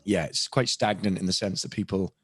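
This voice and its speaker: A man's voice: deep voice, brisk, no room sound. Chatty British man, dry close sound. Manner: chatty, candid, many restarts and asides. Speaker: voice actor and impressionist, podcast guest. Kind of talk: casual podcast interview. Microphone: podcast microphone.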